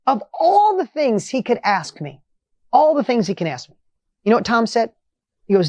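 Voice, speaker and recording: A middle-aged man telling a motivational story with energy and emphasis, his voice rising when excited. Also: very high-pitched, normal speed, no room sound, clean studio sound. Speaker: motivational speaker.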